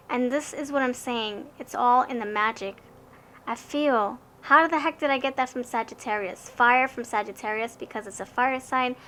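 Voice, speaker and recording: A bright, higher-pitched young woman talks through a tarot reading in a loose, rambling way. She often stumbles and restarts words, and her voice is clear and forward. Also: slight background noise. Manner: chatty, rambling, stammers and restarts. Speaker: tarot card reader. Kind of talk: casual tarot reading to camera.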